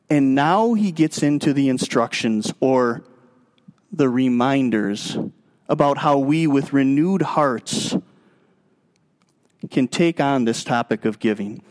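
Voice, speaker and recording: A man preaching a sermon as pastor, emphatic, moving between raised passages and quiet, drawn-out stretches. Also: mid-range voice. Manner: emphatic, swinging between raised and hushed delivery.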